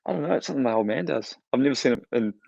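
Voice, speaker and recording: A man's voice: mid-range voice, animated, rapid-fire, creaky, darkish tone, no echo. A man, rambling through self-deprecating anecdotes on a podcast. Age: 30s. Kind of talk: casual chat. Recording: dry, dull lo-fi mic.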